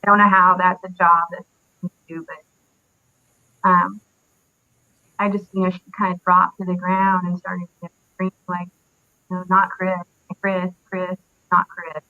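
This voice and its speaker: A young woman in her twenties, an interview guest, recalls a painful loss in a halting way, with many fillers and pauses. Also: on the low side, little pitch movement, no room sound. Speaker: interview guest, military widow. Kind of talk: emotional personal recollection. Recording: dry tinny phone-like audio.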